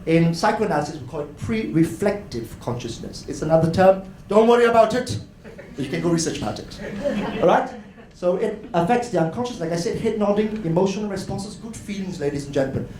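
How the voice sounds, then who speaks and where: A man giving an animated educational talk at a conference, often addressing the crowd as ladies and gentlemen. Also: sits high, brisk. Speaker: conference speaker. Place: hotel conference hall. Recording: echoey hall, faint noise.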